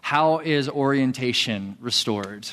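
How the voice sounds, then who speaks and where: A man's voice: medium pitch, expressive, slow pace, fairly bright tone, in a large hall. A young man preaching a casual sermon, candid and self-mocking, speaking conversationally to a group. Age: young adult. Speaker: pastor.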